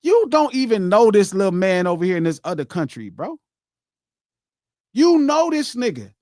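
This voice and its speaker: Animated high-voiced man telling a story. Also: normal speed, no room sound, studio quality. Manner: animated, repeats himself, acts out quotes. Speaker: podcast host. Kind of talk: casual storytelling chat.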